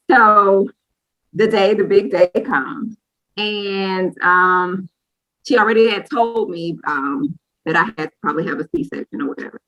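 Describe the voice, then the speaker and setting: A woman's voice: mid-range voice, a little slow, pushed and bright, rough recording. A woman in her thirties, a podcast co-host, candidly telling a personal story in a rambling, casual way with frequent asides. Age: 30s.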